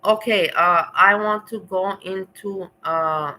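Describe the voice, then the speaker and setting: Chatty livestreaming woman, bright voice. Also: medium pitch, slow, slight background noise, rough recording. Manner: rambling, laughs often, talks back to chat. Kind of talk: casual livestream chat to viewers.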